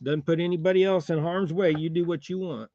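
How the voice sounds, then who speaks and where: A fishing-channel host on a livestream talks in a folksy, rambling way and chuckles between thoughts. His voice sits a little high for a man. The sound is dry and a bit muffled, with no room echo. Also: steady tone, fairly quick, mellow. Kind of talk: casual livestream chat while tying jigs.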